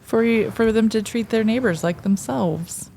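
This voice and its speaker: A woman co-hosting a casual podcast chat, measured, with wry interjections. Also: a little high, vocal fry, mellow, a little hiss or hum. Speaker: podcast co-host.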